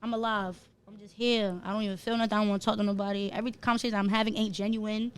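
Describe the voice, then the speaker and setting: A woman's voice: medium pitch, little pitch movement, very fast, smooth. Slangy woman telling a heartfelt story. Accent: New Jersey. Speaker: podcast guest. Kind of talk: casual podcast chat.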